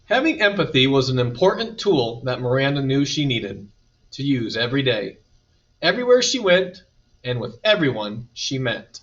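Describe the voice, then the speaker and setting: Read-aloud narrator: man, animated storytelling, mid-pitched voice, mic set a bit away, muffled sound. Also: normal speed. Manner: lively, expressive storytelling. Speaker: storybook reader. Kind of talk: reading a children's picture book aloud. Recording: dull distant recording.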